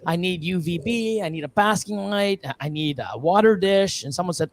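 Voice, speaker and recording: A man from Canada talking casually on a live stream, rambling earnestly with many restarts and fillers, sometimes mimicking other people in quick bursts. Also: high-pitched, lively intonation. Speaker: reptile breeder guest.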